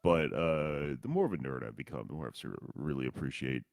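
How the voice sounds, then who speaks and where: A man co-hosting a podcast in casual comedic chat, joking in a sardonic, deadpan way. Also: rumbling low, fairly quick, vocal fry, dry recording. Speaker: podcast co-host.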